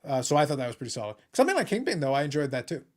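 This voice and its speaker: A man's voice: a little high, big pitch swings, racing, darkish tone. A man hosting a casual live stream chat, blunt and opinionated, often stammering and repeating words as he starts a point. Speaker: host of a hobby live stream.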